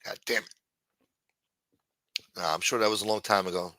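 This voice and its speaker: A man's voice: lowish voice, fairly even intonation, moderate pace, sharp tone, no room sound. A man hosting a livestream, ranting with frequent swearing and exasperation. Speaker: livestream host.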